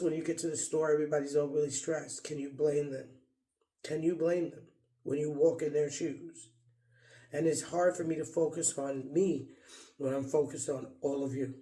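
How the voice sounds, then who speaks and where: A man with a fairly high voice talks straight to his audience in an unscripted vlog monologue. His speech is earnest and heartfelt, full of casual slang and restarts as he circles back over his thoughts. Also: mellow. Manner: rambling, earnest, restarts often; heartfelt and apologetic. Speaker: vlogger. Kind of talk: emotional off-the-cuff monologue.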